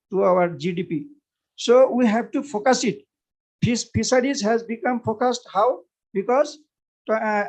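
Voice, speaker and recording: A man with an Indian English accent speaks at a seminar, off the cuff, with a fairly high voice. He stops often on "uh" and begins sentences again. He repeats his key points to urge his listeners on. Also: a little mellow, low-quality recording. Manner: halting, with frequent "uh" fillers and restarts; persuasive and repetitive, urging the audience. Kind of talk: unscripted seminar speech.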